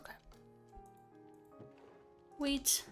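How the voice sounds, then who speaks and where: Young woman, relaxed gameplay streamer, unhurried chatter over faint music. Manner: chatty, thinking aloud with fillers. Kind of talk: casual gameplay commentary.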